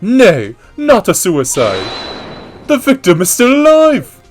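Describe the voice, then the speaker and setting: A man voicing an excitable young male defense lawyer who declaims dramatically. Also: medium pitch, slow, soft background music. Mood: dramatic. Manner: dramatic, shouting objections.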